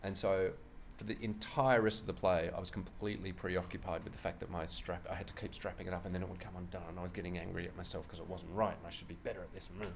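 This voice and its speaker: A comedian, telling lively anecdotes in a casual interview, often laughing and acting out voices. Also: male voice, deep voice, quick pace, creaky, few pauses, a little hiss or hum. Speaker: comedian guest. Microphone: shared handheld microphone.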